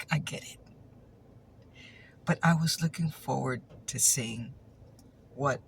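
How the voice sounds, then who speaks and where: A woman's voice: rumbling low, creaky, a little hiss or hum. A woman telling a chatty ASMR story, teasing and repeating her punchlines, sometimes dropping into a whisper.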